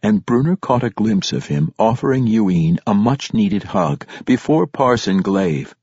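A man narrating a fantasy audiobook in an expressive, dramatic storytelling manner. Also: on the low side, a little slow, creaky, husky, dry recording, dull audio.

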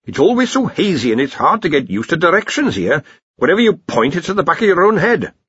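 A man's voice: on the high side, sing-song, quick pace, fairly bright tone, husky, dry recording, dull audio, voice pushed up, full character voice. A man voicing a fussy, anxious male wizard who keeps asking worried questions. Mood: fretful.

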